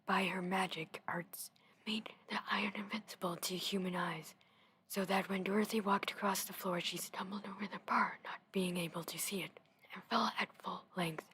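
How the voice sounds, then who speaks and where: A young woman reading a storybook in a soft whisper into a close mic, with casual chatty asides. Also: medium pitch, fairly even intonation, normal speed, slight background noise. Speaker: gaming video host reading aloud.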